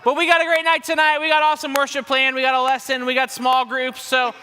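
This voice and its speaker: A man's voice: extremely high pitch, monotone, quick pace, bright, forceful tone, clear, resonant tone, in a large hall. A young man making upbeat church announcements to his youth group, enthusiastic and repeating words for emphasis.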